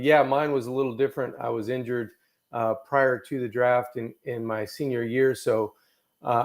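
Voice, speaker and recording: A middle-aged man, a former quarterback and broadcaster, giving easygoing, rambling answers in a radio interview. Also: medium pitch. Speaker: guest, former quarterback and announcer.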